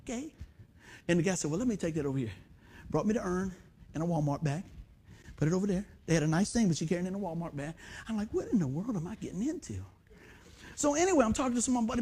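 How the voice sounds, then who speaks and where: A man. He spins funny stories from his own life, acting out the people in them and laughing along. His delivery is loose and animated. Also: high voice, fast, breathy edge. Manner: animated, acts out quoted voices, laughs often. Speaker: pastor. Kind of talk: storytelling sermon.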